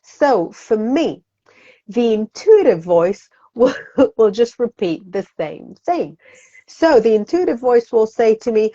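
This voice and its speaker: A woman's voice: a little high, big pitch swings, slow pace, mellow, dull audio. A woman, a psychic guest, talking animatedly in an interview, laughing often and acting out inner voices in quotes. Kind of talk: conversational interview.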